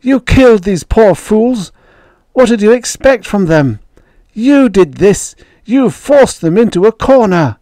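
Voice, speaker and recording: A man voicing a furious, grieving woman who screams and shouts at alien visitors in a storybook reading. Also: very animated, a little slow, no echo. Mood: furious, anguished. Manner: raised pitch, screaming and shouting.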